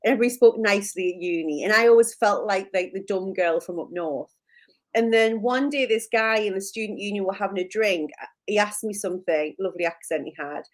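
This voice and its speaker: Speaking a little fast at medium pitch, a woman co-hosting a chatty live chat tells stories in a Newcastle Geordie accent. She's from Newcastle, England, leans heavily on "like," and laughs at herself often.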